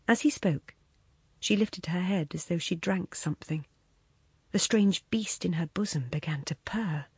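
A woman narrating a literary story in a hushed, intimate way, often close to a whisper, with a husky, breathy voice. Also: fairly low pitch, a little slow, dry recording. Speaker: reader.

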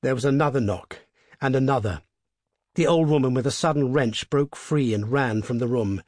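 A man narrates a story in a measured, hushed and tense reading. His voice is husky and mid-pitched. The sound is dry and close, with no room. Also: no room sound. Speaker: reader. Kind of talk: scripted narration.

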